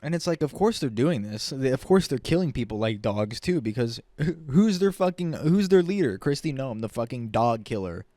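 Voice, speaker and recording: A man's voice: medium pitch, expressive, moderate pace, darkish tone, dry recording, studio quality. A man vlogging an angry, profane political rant, repeating himself as he gets heated.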